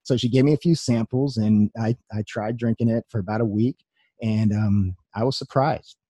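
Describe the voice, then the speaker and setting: A man's voice: fairly low pitch, normal speed, mellow, slightly rough, no room sound. A young man telling a personal story to an audience in an earnest way, acting out his own past words with many restarts. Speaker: speaker sharing his story. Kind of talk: personal testimony talk.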